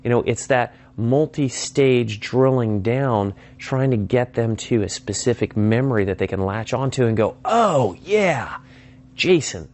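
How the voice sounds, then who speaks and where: A man's voice: medium pitch, steady tone, normal speed, few pauses, darkish tone. A man teaching persuasion techniques in a conversational way, stopping often to act out sample phone calls. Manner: acts out sample phone calls in varied voices. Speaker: sales trainer. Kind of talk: instructional talk.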